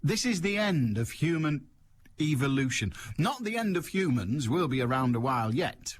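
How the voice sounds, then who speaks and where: A male radio phone-in host speaks into a studio mic in a husky, slightly rough voice. His pitch swings widely as he rambles, and his delivery stays sarcastic and mocking throughout. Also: very animated, normal speed. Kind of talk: sardonic radio monologue.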